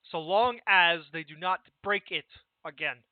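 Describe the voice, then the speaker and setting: Man as a gruff, formal ship captain over tinny, dry call audio. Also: high-pitched, measured pace, no echo. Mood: stern. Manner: stiff and formal, with rough folksy slips. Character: proud, gruff male ship captain who guards his reputation.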